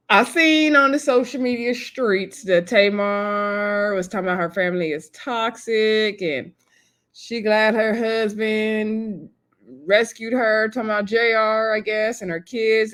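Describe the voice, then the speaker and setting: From home, a woman gives a casual, chatty review of a reality show episode. Her medium-pitched voice moves slowly, and her loose, conversational delivery is packed with fillers and animated asides.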